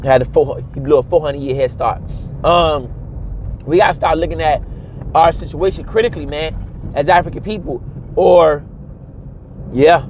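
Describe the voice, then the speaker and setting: High-voiced emphatic man. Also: moderate pace, long pauses, darkish tone, slight background noise. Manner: emphatic and preachy, repeats phrases for stress. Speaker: vlogger. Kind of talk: casual commentary monologue.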